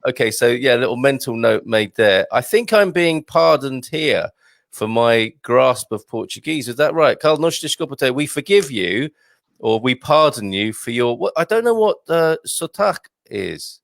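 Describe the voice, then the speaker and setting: A man's voice: mid-range voice, big pitch swings, moderate pace, creaky, a bit bright, dry recording. Chatty man hosting, dry close sound. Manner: chatty, laughs often, stumbles over Portuguese words. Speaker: host. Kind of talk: casual chat show.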